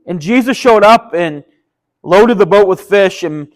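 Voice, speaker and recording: A man's voice: high voice, unhurried, rough recording. A man preaching a casual sermon, retelling a story in a chatty, enthusiastic and slangy way. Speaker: pastor.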